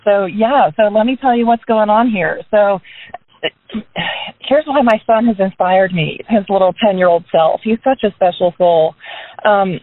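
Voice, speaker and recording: A woman's voice: medium pitch, unhurried. A woman giving a casual, upbeat motivational talk to her business team on a group call from a parked car, leaning on tag questions as she talks. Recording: dry, tinny phone-line sound.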